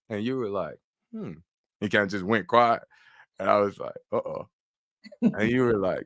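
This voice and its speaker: Animated chatty man hosting a live stream. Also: on the low side, normal speed, long pauses, no echo, studio quality. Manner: animated, chatty, many fillers and restarts. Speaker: summit host.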